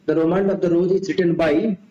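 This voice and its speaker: A man's voice: high-pitched, fairly even intonation, brisk, a crowd in the background. Male tutor, repetitive and thinking aloud, muffled roomy sound. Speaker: exam tutor. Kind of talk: mock test lecture. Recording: dull, roomy home recording.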